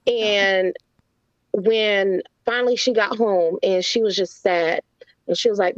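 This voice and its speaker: Woman, interview guest, animated storyteller, slightly dull lo-fi dry sound. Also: mid-range voice, slow pace, no room sound. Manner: animated storyteller who acts out the quotes in her stories. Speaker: guest, mother and nurse.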